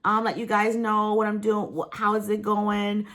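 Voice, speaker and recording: A woman's voice: mid-range voice, monotone, normal speed, a bit bright. Earnest, emotional woman vlogging. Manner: earnest, emotional, rambling with many fillers. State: emotional, near tears. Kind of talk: casual vlog talk to viewers.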